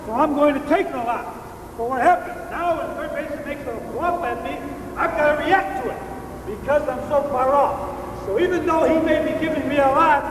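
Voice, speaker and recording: Man, baseball coach, high voice, distant echoey old-tape sound, walks through each step. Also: normal speed, background noise. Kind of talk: instructional demonstration. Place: outdoor baseball field. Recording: distant, roomy old VHS audio.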